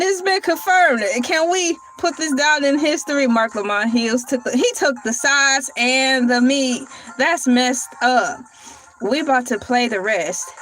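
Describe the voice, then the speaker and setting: Woman commentator, high voice, sassy and teasing, light music underneath. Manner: sassy, animated, teasing with exaggerated questions. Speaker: podcast reaction commentator. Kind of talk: casual reaction commentary.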